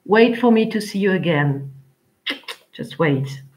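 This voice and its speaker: A woman teaching an English class online, chatty and rambling, with frequent pauses as she talks to her students. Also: medium pitch, lively intonation, darkish tone, poor audio.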